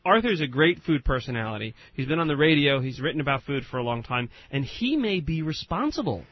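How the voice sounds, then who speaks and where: A man's voice: fairly high pitch, sing-song, no echo. A man hosting a radio talk show, joking and teasing his guests as he leads the chat. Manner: jokey, quick to tease guests. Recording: dull lo-fi radio broadcast.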